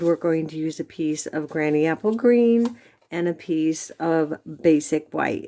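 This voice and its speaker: A woman's voice: on the low side, a little mellow. Chatty woman teaching a card craft. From United States. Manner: chatty, friendly step-by-step instruction with fillers. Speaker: stamping demonstrator. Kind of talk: craft tutorial.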